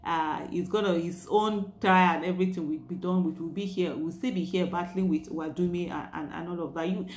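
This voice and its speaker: A woman's voice: on the low side, fairly even intonation, moderate pace, hardly any pauses, roomy sound, slight background noise. A Nigerian woman with a Nigerian accent hosting a newspaper review, talking through the headlines in a chatty, opinionated way, full of fillers and restarts and slipping into Pidgin. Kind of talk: casual spoken commentary on headlines.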